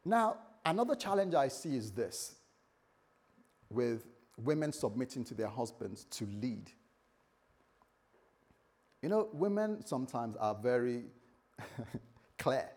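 Husky-voiced male pastor preaching. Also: mid-range voice, slow pace, pauses often. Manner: animated preaching with acted quotes and asides to the congregation. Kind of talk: sermon.

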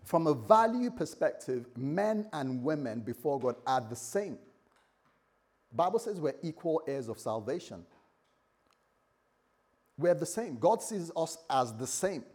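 A man's voice: a little high, breathy edge. A man preaching a sermon to his congregation, talking animatedly and checking in with the listeners as he goes. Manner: animated preaching with acted quotes and asides to the congregation. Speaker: pastor.

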